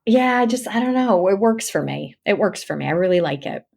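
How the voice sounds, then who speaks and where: A woman, an audiobook narrator, chatting as an interview guest, animated and laughing often as she acts out what people said. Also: mid-range voice, fairly quick, gravelly, breathy edge. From New York area. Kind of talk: casual interview chat. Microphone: remote call over the internet.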